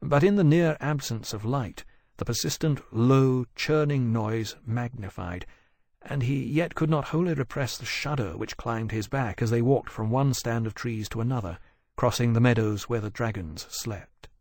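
A man reading a novel aloud as an audiobook narrator, in even, measured storytelling. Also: medium pitch, no room sound, clean studio sound. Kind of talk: scripted narration.

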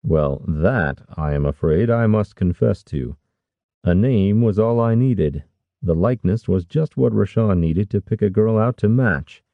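A man's voice: fairly low pitch, expressive, measured pace, no echo, narrow, tinny audio. A man voicing a sly, scheming older lord with a wry, scoffing manner.

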